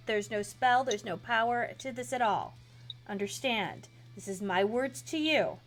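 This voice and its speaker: A woman voicing a calm, protective vampire stepmother who speaks softly and deliberately in a tabletop game. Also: a little high, natural voice.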